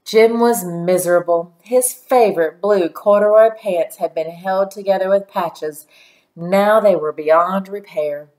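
A woman reading a children's storybook aloud in a gentle, steady storytelling manner. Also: mid-range voice, measured pace. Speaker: narrator.

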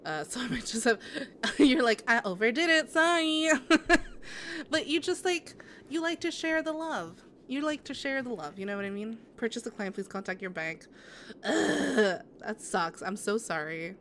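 A woman's voice: a little high, expressive, moderate pace, a bit bright, a little hiss or hum. A woman game streamer in casual live-stream chat, answering her viewers with sympathy and rambling through many restarts.

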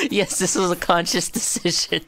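A woman streams a game and chats casually with her viewers, her mid-range voice pushed and bright. She talks to chat directly and keeps the commentary loose with profane jokes.

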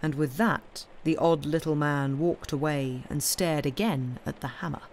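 A man with a slightly high voice reads a classic mystery aloud on a live stream. His narration is steady and even. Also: a little slow, a little hiss or hum. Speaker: reader.

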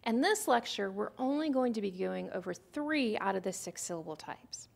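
A woman's voice: mid-range voice, lively intonation, normal speed, creaky. A woman giving a recorded lecture on syllables and phonics, explaining step by step and asking the listener questions. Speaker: literacy presenter.

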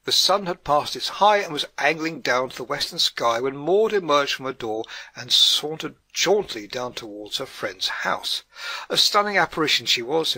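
A man reading an audiobook with wry, measured storytelling. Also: mid-range voice, sharp tone, breathy edge, no echo. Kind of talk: audiobook narration.

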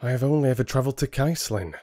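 A man's voice: medium pitch, animated, fast, warm tone, no room sound, clean studio sound, voice pushed up, close to an everyday voice. A man voicing a reserved young male hunter who answers in a terse, guarded way in an audiobook.

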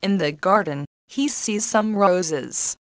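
Slow, measured woman narrator. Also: medium pitch, no echo. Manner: clear, measured reading. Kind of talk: slow storybook narration for learners.

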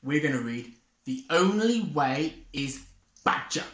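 A woman drag queen reading a children's picture book aloud in an expressive, theatrical way. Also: sits low, slow pace, echoey room. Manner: expressive, theatrical, swooping between whispers and loud calls. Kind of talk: children's story read-aloud.

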